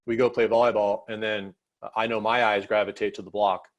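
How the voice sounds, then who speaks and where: A man's voice: on the low side, flat delivery, brisk, lo-fi sound. A man hosting a coaching video call, talking casually and rambling a little as he sets up questions. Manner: casual, rambling, self-correcting. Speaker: host and volleyball coach. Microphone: video call mic.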